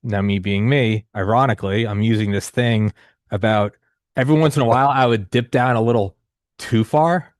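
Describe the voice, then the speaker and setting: Man in his thirties, low-pitched, rambling, profane conversational storyteller, dry recording. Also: moderate pace, no echo. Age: 30s. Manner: rambling, profane, frequent restarts and fillers.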